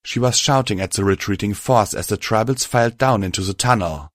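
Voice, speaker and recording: Man, low voice, steady storyteller, dry close sound. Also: fairly quick, dry recording. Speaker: narrator. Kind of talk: first-person fan fiction narration.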